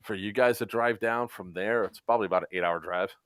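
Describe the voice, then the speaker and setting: A man co-hosting a casual podcast, telling stories in an animated way and acting out quotes. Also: lowish voice, brisk, no room sound. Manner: animated storyteller, acts out quotes. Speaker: co-host. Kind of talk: casual podcast chat, storytelling.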